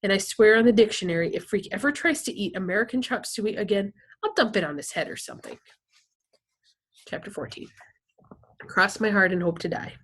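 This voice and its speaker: Casting: a woman narrator, expressive storybook reading, mid pitch. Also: fairly quick, long pauses, breathy edge. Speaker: reader. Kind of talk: reading a novel aloud.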